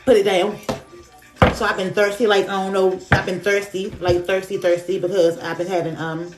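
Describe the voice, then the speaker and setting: A spiritual reader doing tarot on a phone live stream speaks in casual, slangy talk, affirming and repeating herself. Her medium-pitched voice has little pitch movement and runs a little fast with hardly any pauses, sounding roomy over music.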